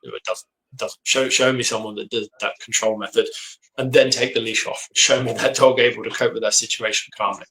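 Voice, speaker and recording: A man, a dog trainer, explaining his methods in an earnest, steady way from his home office. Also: mid-range voice, a little fast, low-quality recording. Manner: earnest, explanatory, lots of agreeing 'yep'. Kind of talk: casual conversation.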